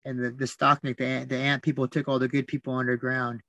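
A man talking as a podcast guest, telling stories in a soft, reflective way, repeating words and restarting often. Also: mid-range voice, flat delivery, fast, no echo. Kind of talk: reflective storytelling.

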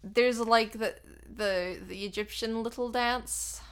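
Animated woman recapping a cartoon. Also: fairly high pitch, slow, clear, resonant tone. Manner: animated, acts out quotes in little voices. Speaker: podcast co-host. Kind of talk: casual chat recapping a cartoon.

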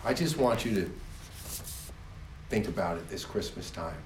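A male preacher delivers a sermon at a slow, deliberate pace. He leans on emphasis and repeats his phrases for effect. His voice carries through a roomy, echoing space. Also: low voice, expressive, distant mic, a little hiss or hum. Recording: roomy echo.

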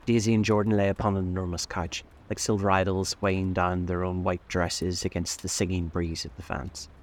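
A man narrating a classic novel as an audiobook, in a measured, deliberate manner. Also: sits low, flat delivery, slight background noise.

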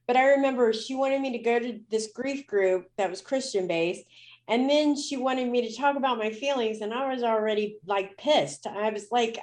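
A woman's voice: fairly high pitch, normal speed, darkish tone. A woman speaking as a guest in an interview, telling a personal story in a candid, emotional way with many fillers.

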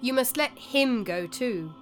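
A woman's voice: on the high side, expressive, slow, soft background music, pitched above the performer's own voice. Woman voicing a wry, mournful young male ghost. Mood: firm. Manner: dry, wry and pleading.

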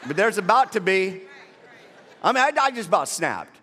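Pastor, male, high and very expressive voice, comic storyteller, recorded in a reverberant sanctuary. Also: moderate pace, slight background noise. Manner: animated, repetitive starts, comic exaggeration. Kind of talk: sermon with personal storytelling. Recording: long reverb of a large hall.

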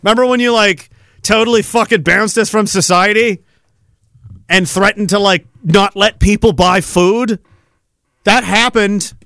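A man with a high voice rants alone on his show, cursing freely and laughing at himself. He jumps from shouted outbursts down to low mutters. The sound is dry and close, with no echo. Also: fairly even intonation, a little slow. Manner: profane, laughing, swings between shouting and low mumbling. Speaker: podcast host. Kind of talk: ranting solo monologue.

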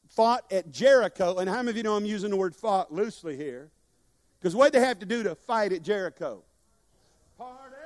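A man preaching a sermon to a congregation, leading call-and-response and joking as he exhorts. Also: high voice. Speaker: guest preacher. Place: church sanctuary. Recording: long church hall reverb.

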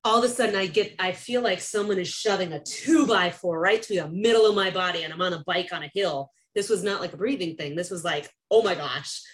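Animated woman telling a story. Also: brisk, few pauses. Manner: animated, acts out quoted people with big pitch jumps and laughs. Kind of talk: casual storytelling in conversation.

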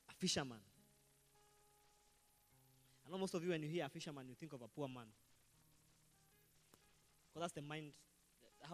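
A man preaching a sermon as pastor, animated and shifting between quiet asides and loud outbursts. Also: fairly high pitch, long reverb tail.

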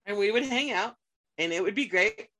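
A woman's voice: medium pitch, expressive, normal speed, a bit bright. A woman co-hosting a podcast in casual chat, laughing often and agreeing readily. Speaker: podcast co-host.

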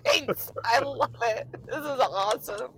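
A woman's voice: a little high, unhurried. A woman on a live call panel, playful and giggly in casual chat.

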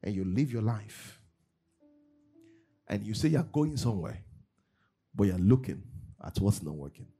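Animated husky pastor preaching. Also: male voice, a little slow, long pauses, soft background music. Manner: animated, swings from loud bursts to low asides. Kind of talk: sermon. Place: church service.

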